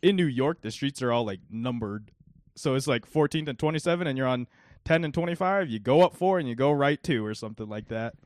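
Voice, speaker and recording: A man's voice: medium pitch, expressive, fairly quick, no room sound, clean studio sound. A young man co-hosting a podcast, chatting casually about a movie in a rambling way full of fillers. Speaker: podcast co-host. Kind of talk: casual movie review chat.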